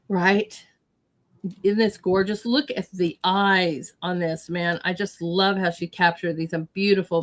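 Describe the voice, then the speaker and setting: Gushing woman host, lowish voice. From United States. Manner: gushing, effusive praise. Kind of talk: casual chat.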